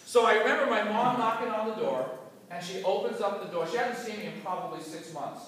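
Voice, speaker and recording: A man giving a motivational talk to an audience, telling a personal story in an animated, emotional way. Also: high voice, a little fast, slight background noise. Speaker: motivational business speaker. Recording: echoey hall from far off.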